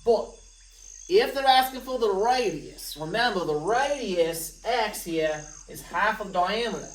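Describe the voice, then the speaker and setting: A woman math teacher goes over test problems with students in a recorded review lesson, making playful, joking asides. Her ordinary-pitched voice has lively intonation and an unhurried pace. She sits a step away from the microphone, and the room adds a noticeable echo.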